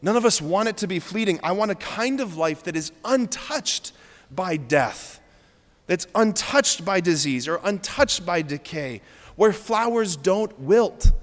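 A man's voice: high-pitched, lively intonation, measured pace. A Catholic priest giving a homily in an earnest, conversational way, often saying "like" as he talks to the congregation. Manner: conversational, earnest preaching with frequent "like". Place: large church. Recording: long church reverb.

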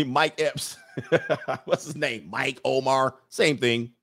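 A man's voice: medium pitch, fairly even intonation, slow, creaky, a bit bright. A man hosting a livestream in casual chat, reading viewer comments aloud, rambling and chuckling as he loses his train of thought.

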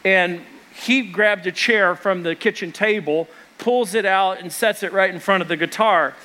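A man, a pastor, preaching a sermon and telling a family story with lively retold dialogue. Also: sits high, moderate pace. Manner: storytelling with animated retelling of dialogue.

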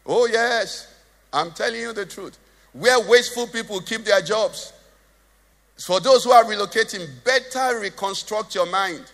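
A man's voice: high-pitched, unhurried, a bit bright, big-room sound. A Nigerian man preaching a sermon as pastor, joking and asking the congregation questions. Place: church hall.

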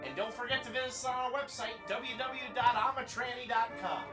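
A man's voice: very high-pitched, fast, music in the background. A man voicing a brash car dealer in a spoof radio ad, with salesman patter. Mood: salesy.

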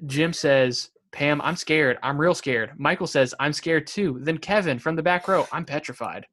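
Unhurried and fairly bright, a man's rather high-pitched voice carries a laid-back podcast chat about a show with his co-host. He reads his favorite lines in an amused, easygoing way and laughs along the way.

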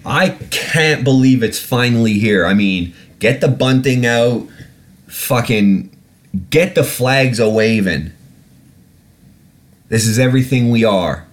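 A man's voice: mid-range voice, expressive, slow pace. A man hosting a podcast, ranting in a sarcastic, heavily swearing way and repeatedly getting irate before apologizing. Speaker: podcast host. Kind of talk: casual podcast rant.

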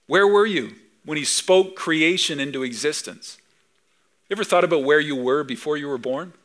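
A middle-aged male pastor preaching with a bright, forceful voice that sits a little high for a man. He talks conversationally, leaning on rhetorical questions. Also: normal speed. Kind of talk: sermon.

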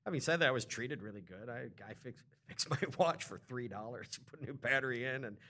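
A man's voice: mid-range voice, fairly quick. A man in his forties co-hosting a podcast, telling a story in casual chat and acting out the voices of people in it. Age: 40s. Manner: animated, acts out quoted voices. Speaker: podcast co-host.

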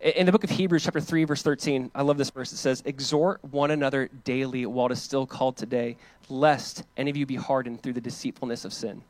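A man preaching a sermon as pastor, casual and animated, acting out the voices of the people in the passage. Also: mid-range voice, fast talker, no echo. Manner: animated, acts out quoted voices; casual preaching with many fillers.

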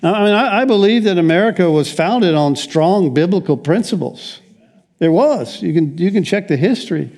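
A man's voice: high-pitched, expressive, normal speed, darkish tone. An older man preaching a conversational sermon as pastor, rambling along with frequent restarts and wry asides.

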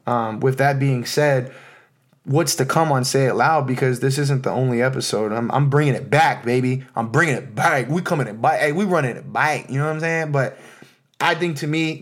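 An American man in his thirties talks alone on his podcast in a casual, rambling way. His voice sits at an ordinary middle pitch, and his talk is full of fillers and heartfelt thanks. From United States. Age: 30s. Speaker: podcast host. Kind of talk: casual solo podcast monologue.

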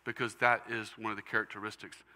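A man delivers a sermon in an earnest storytelling manner. His voice is sharp and bright. It rings out with a long reverb, as if in a church hall. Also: fairly low pitch, little pitch movement, fast talker. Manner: earnest storytelling preacher, emotional at times. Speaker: pastor.

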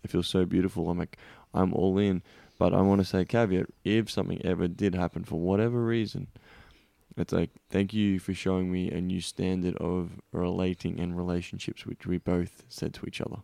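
Man, podcast host, very low voice, dry close sound, intense, swears a lot. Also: level tone, fairly quick, vocal fry, mellow, no room sound. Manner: intense, emphatic, swears freely. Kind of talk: casual podcast chat.

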